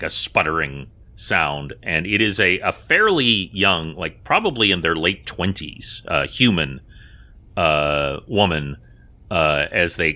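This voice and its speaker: Man game master, very deep voice, slow, bright tone, measured narration. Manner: measured, with fillers and asides.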